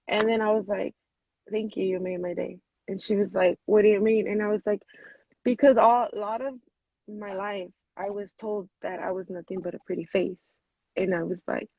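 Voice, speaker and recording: A woman in her thirties telling a personal story on a video call, animated and full of "like", acting out what people said. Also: mid-range voice, no room sound. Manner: animated, many "like" fillers, acts out quotes. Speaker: guest. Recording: dull lo-fi video call audio.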